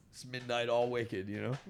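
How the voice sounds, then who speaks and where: A man's voice: medium pitch, very noisy. A young man co-hosting a podcast, telling a rambling, profane party story, often laughing mid-sentence and acting out what others said. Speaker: podcast co-host. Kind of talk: casual storytelling chat.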